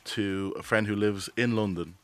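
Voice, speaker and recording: A man's voice: fairly low pitch, fairly even intonation, moderate pace, dry recording. A man, a touring comedian, chatting as a radio guest with dry, understated humour. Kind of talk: casual radio chat. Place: radio studio.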